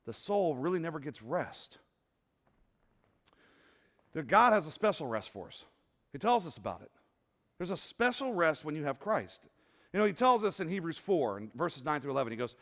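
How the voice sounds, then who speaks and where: A man preaching a sermon to a church congregation, animated and asking the crowd questions, sometimes rising to loud exclamations. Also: high voice, moderate pace, long pauses. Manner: asks the congregation questions and waits for answers. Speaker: pastor. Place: church sanctuary before a congregation.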